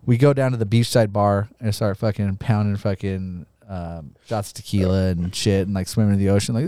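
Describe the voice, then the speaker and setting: A man co-hosting a podcast, telling a rowdy story in casual chat, swearing a lot, laughing often and acting out his own quoted lines in a higher voice. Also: fairly quick, hardly any pauses, warm tone, clean tone, dry recording, clean studio sound. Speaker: podcast co-host.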